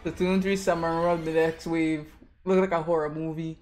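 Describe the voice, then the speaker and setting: A streamer giving excitable reaction commentary on a game trailer, swinging between low mutters and shouts and swearing freely. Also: normal speed, a little hiss or hum.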